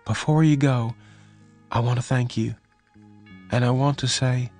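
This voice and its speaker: A man voicing a gentle young woman in a read-aloud story, speaking softly and earnestly in a raised voice. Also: fairly even intonation, a little slow, soft background music. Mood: tender. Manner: soft, earnest, pitched well above his own voice.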